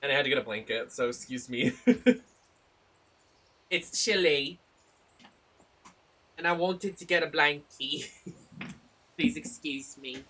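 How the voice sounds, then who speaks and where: A man streaming a game live, talking in excitable, emotional commentary and swearing freely. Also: a little high, slow, long pauses.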